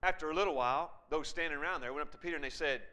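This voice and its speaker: A man's voice: a little high, very fast, pushed and bright. A man preaching a sermon in a conversational way, retelling a scripture story with animation and often checking in with his listeners.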